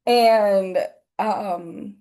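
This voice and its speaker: A young woman co-hosting a podcast, talking casually with slang and quick reactions. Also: medium pitch, warm tone. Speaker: podcast co-host. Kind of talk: casual chat.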